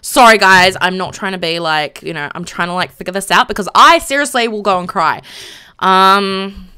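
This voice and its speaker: A woman live-streaming a game, chatting casually to viewers in a flustered, excitable way and exclaiming often. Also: medium pitch, moderate pace, clean tone. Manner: flustered, excitable, lots of "oh my gosh" and laughing.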